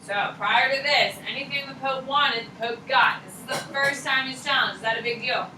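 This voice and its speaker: Woman history teacher, blunt and slangy, bright voice, quizzes the class, recorded from far back in an echoey classroom. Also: sits high, normal speed, a little hiss or hum. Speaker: high school history teacher. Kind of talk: classroom lecture.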